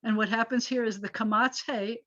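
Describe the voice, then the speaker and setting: A woman rabbi teaching a Hebrew grammar class online, explaining patiently and getting animated when she makes a point. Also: a little high, a little fast. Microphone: video call. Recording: dull lo-fi video call audio.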